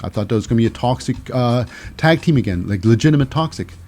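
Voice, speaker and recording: A man's voice: mid-range voice, expressive, quick pace, a little mellow, faint music behind. A man hosting a solo podcast, recapping in a rambling, wry way with many restarts. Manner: rambling, restarts, dry asides. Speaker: podcast host.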